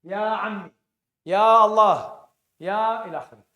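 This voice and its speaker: A man's voice: high-pitched, very fast, sharp tone. A man teaching an Arabic class, quizzing his students and repeating phrases with frequent restarts, recorded in a classroom. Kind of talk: classroom lecture. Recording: echoey classroom.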